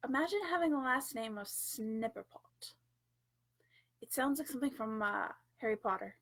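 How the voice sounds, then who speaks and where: A woman's voice: fairly high pitch, lively intonation, moderate pace, fairly bright tone. A woman hosting a storytime livestream, chatting casually with playful, giggly asides. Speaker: storytime host.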